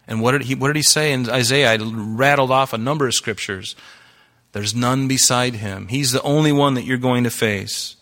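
A pastor preaches to a live audience in a church hall, his mid-range voice fairly bright. He teaches scripture earnestly, quoting verses and explaining Greek words.

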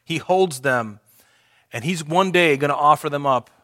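A man preaching a sermon in an earnest, conversational way, slowing and lifting his voice when reading scripture aloud. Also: fairly high pitch, pushed and bright. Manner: conversational asides to the congregation. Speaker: pastor.

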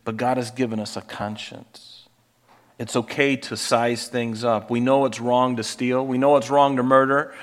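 A middle-aged pastor with a medium-pitched voice preaches conversationally at a moderate pace, his delivery flat. He poses rhetorical questions and frequently restarts his sentences.

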